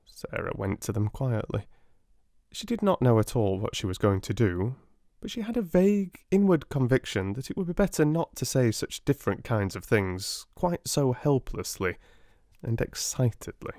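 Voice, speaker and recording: A British man narrating a classic novel as an audiobook in an unhurried, expressive way. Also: mid-range voice, no echo, clean studio sound. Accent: British English. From Britain.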